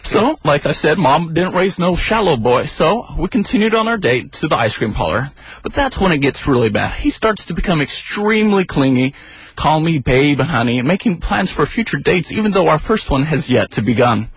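A man's voice: a little high, sing-song, normal speed, slightly rough, no echo, poor audio. A young man telling a funny personal story as a radio guest, wry and self-deprecating.

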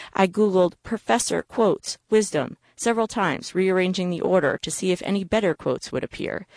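A woman's voice: fairly low pitch, creaky, no room sound. A woman reading her own personal story aloud in a wry, self-mocking way.

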